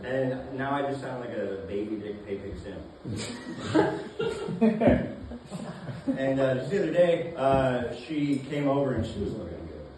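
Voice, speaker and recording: A man performing a deadpan stand-up set in a comedy club, halting with many fillers. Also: mid-range voice, background noise. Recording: roomy club sound from a distance, audience laughter. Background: audience laughing.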